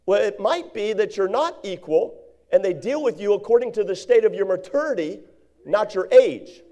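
High, mellow-voiced guy preaching a sermon, quotes scripture, does little voices for people. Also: lively intonation, normal speed. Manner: preachy, acts out quoted voices, reads King James verses.

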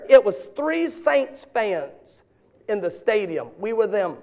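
Preacher guy in his 50s, really high voice, yells and jokes around. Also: takes it slowly. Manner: animated, shouting bursts and joking asides. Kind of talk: sermon.

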